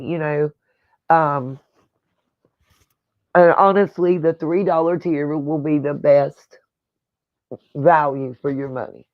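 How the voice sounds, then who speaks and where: Gravelly woman ranting slowly. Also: low-pitched, no room sound, narrow, tinny audio. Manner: blunt, profane, rambling rant. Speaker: livestream host. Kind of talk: casual livestream talk. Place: home.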